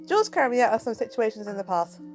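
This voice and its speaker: A woman's voice: on the high side, sing-song, rapid-fire, soft background music. A woman putting on a bubbly, jolly girl hero. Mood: cheery. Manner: bubbly and upbeat.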